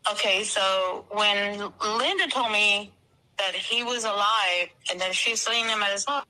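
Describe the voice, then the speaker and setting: A woman's voice: mid-range voice, measured pace, pushed and bright, poor audio. A woman with a Texan accent calling in to a live stream, telling an emotional story, swearing and repeating herself.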